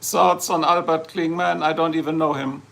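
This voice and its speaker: A man's voice: on the high side, steady tone, moderate pace, vocal fry, fairly bright tone. A man from Germany with a German accent, hosting a casual livestream and chatting to viewers in a rambling, jokey way. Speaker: livestream host. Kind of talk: casual livestream chat answering viewer comments.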